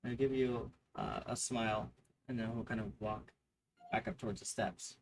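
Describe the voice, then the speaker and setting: Male GM, narration for a tabletop game, hesitant delivery, mid pitch. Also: steady tone, moderate pace, low-quality recording. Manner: hesitant, many fillers. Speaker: game master.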